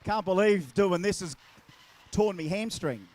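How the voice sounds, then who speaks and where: A man's voice: sits high, animated, measured pace, darkish tone. An Australian man working as MC at an outdoor racetrack, bantering with the crowd in a jokey, teasing way. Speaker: event MC. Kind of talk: crowd banter at a live event. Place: outdoor drag racing track.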